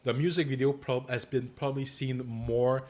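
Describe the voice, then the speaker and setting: A man's voice: mid-range voice, steady tone, normal speed, a little mellow. A man co-hosting a film review podcast, talking in a rambling, hesitant way with many restarts. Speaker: podcast co-host. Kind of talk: casual film review chat.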